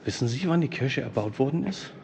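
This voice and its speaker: A German man with a German accent vlogging casually while he walks a square and a church, rambling with fillers and speaking hushed inside. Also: medium pitch, expressive, quick pace, vocal fry. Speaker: travel vlogger. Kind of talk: casual walking vlog. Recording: muffled, noisy background.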